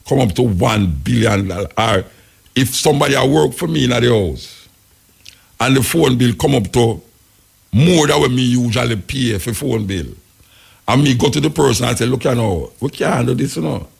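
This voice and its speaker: A man's voice: mid-range voice, unhurried, vocal fry, breathy edge. A man with a Jamaican accent hosting a radio talk show, rambling in patois about the news. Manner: rambling, patois-heavy, animated storytelling. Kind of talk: casual on-air commentary.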